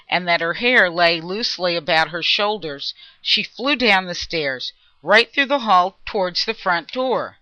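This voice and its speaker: A woman reading a classic adventure novel aloud as an audiobook narrator, in a measured, expressive manner. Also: on the low side, dry recording, low-quality recording. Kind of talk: scripted narration.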